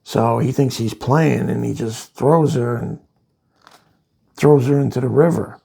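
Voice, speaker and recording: A man casually reviewing a comic book, rambling through the plot with asides, in a gravelly voice. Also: mid-range voice, a little slow, warm tone.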